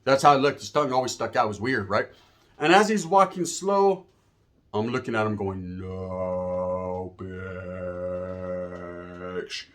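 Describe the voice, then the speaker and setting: A man's voice: mid-range voice, a little fast. A man casually telling a story full of swearing and street slang, acting out the people in it and often adding "right?". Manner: profane, animated, acts out the voices of people in his story. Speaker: storyteller guest.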